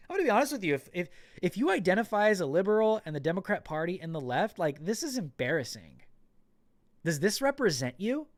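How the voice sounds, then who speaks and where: A man's voice: a little high, big pitch swings, fairly quick, no echo, studio quality. A man hosting a political commentary podcast, talking in an indignant, emphatic way and often repeating words. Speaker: podcast host.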